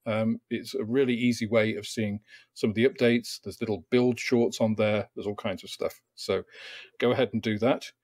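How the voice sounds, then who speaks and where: A man hosts a relaxed interview in a lower voice, hesitating often and restarting his sentences. The sound is dry and close, with no room echo. He keeps a courteous, measured tone. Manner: hesitant, many fillers and restarts. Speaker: host. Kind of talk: casual interview.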